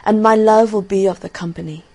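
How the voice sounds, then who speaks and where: A sorrowful young student pines aloud in a plaintive, dreamy voice, as a woman reading the tale puts him on. It stays close to a gentle storybook reading. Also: medium pitch, steady tone, a little fast, lightly acted. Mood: lovesick.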